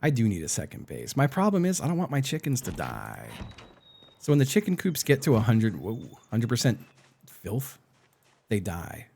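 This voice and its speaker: A man's voice: mid-range voice, huge pitch swings, moderate pace, vocal fry, a little mellow, husky. A man live-streaming a game, chatting casually, narrating his own moves and greeting his viewers. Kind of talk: casual gameplay chat.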